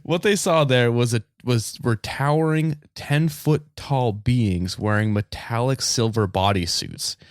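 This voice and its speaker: A man from the United States hosting a comedy podcast, telling a story in a loose, animated way. He laughs often and swears casually. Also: mid-range voice, a little slow, hardly any pauses, no echo, studio quality. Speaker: podcast host.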